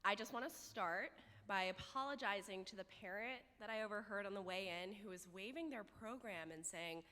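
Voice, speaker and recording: Woman in her twenties, student speaker, humorous, bright, long hall reverb. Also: mid-range voice, normal speed. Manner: self-deprecating, humorous. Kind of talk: commencement speech. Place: large ceremony hall.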